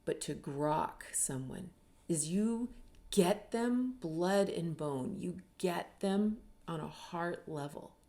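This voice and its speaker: Earnest low-voiced Canadian woman speaker. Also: slow pace, mellow. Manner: earnest, acts out quoted voices. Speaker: author and speaker. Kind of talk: reflective spoken talk.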